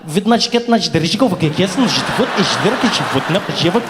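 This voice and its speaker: A man's voice: high voice, expressive, a loud crowd, very noisy. A man doing a shady Russian man on the phone. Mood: muttering. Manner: rapid mumbled phone talk. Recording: echoey hall with audience.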